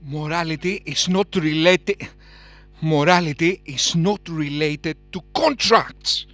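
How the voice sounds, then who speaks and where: A man's voice: on the high side, slow pace, fairly bright tone, no echo, soft background music. A man giving heated reaction commentary on a debate clip, scornful and mocking, and laughing at his own outbursts.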